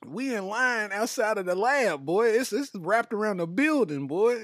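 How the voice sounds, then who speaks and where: Slow slangy young man, laughing. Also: high-pitched, animated, a bit bright, no echo, clean studio sound. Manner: laughs often, slangy and loose, trails off with "man" and "boy". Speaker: podcast host reading live chat. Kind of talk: casual comedic chat.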